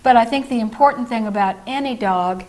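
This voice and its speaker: A woman who trains dogs, talking as a guest on a local talk show, explaining in a lively way and laughing easily. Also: a little high, a little fast.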